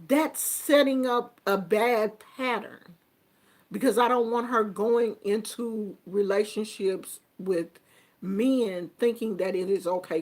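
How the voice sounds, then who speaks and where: An older woman, a grandmother, talking earnestly and reflectively about family and communication in a casual monologue. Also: a little high. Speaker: vlogger giving life advice.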